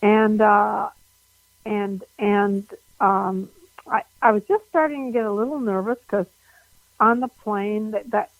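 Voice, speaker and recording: A woman comedian guesting on an interview over the phone, talking animatedly with frequent laughs and big pitch jumps. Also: fairly even intonation, takes it slowly, dry recording, phone-quality sound.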